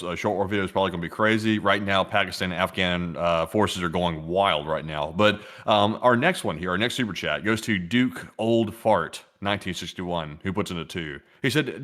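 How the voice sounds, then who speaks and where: A lowish-voiced man reads viewer messages aloud on a casual livestream. He rambles off on tangents, chuckling as he goes, and talks in a loose, chatty way. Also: a bit bright. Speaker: co-host reading super chats.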